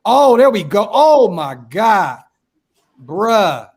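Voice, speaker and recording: A man hosting a casual sports chat and reading viewer comments, talking in a relaxed, slangy way. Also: high voice, slow, slightly rough. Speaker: host.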